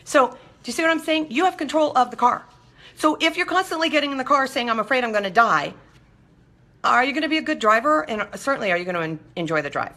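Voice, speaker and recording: A woman's voice: high-pitched, lively intonation, quick pace, bright, forceful tone. A middle-aged woman from Southern California hosting a live talk show alone, chatty and often asking her listeners "right?". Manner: chatty, keeps asking listeners "right?", acts out quoted voices. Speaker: host. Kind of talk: solo live-show monologue.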